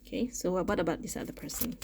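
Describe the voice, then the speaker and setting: A woman giving a casual tarot reading, chatty and thinking aloud, often pausing on "okay" and restarting her sentences. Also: fairly low pitch, gravelly, background noise. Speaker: tarot reader.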